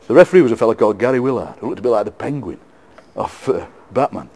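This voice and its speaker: A middle-aged man with a Yorkshire accent, a poet being interviewed, telling lively football anecdotes with frequent laughs and repeated words. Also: mid-range voice, fast. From England. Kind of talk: casual storytelling interview.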